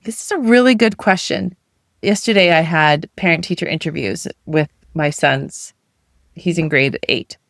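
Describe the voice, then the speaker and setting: A woman's voice: sits low, normal speed, creaky, no room sound, studio quality. A middle-aged woman coach giving a motivational talk in a conversational way, full of rhetorical questions. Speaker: weight loss coach.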